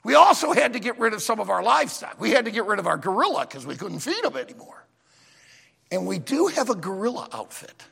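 A man's voice: high voice, big pitch swings, a little fast, gravelly, pushed and bright, slightly rough, full character voice. A man voicing a blunt male circus manager, curt and matter-of-fact, with long hall reverb. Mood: businesslike. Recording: long reverb of a large auditorium.

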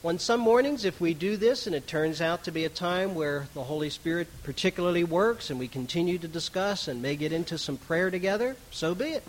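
Middle-aged man as pastor, chatty animated sermon delivery, slightly high voice. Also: fairly quick, hardly any pauses, slight background noise, poor audio. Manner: conversational, animated preaching with asides.

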